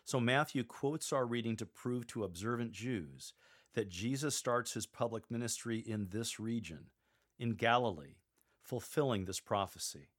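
A man's voice: mid-range voice, normal speed. A man teaching how to read scripture aloud, giving emphatic instructions with wry asides. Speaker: lector coach.

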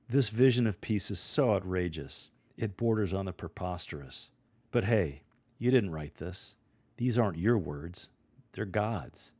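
A man's voice: sits low, vocal fry, a little mellow, no room sound. A man coaching readers on how to proclaim scripture, demonstrating the passages himself. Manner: coaching, demonstrating readings with shifting tone. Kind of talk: instructional podcast on reading aloud.

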